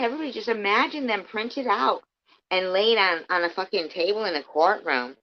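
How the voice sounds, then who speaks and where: A woman ranting angrily on a livestream, swearing heavily and swinging between low muttering and loud outbursts. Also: brisk. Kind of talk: angry ranting livestream commentary. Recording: dull lo-fi stream audio.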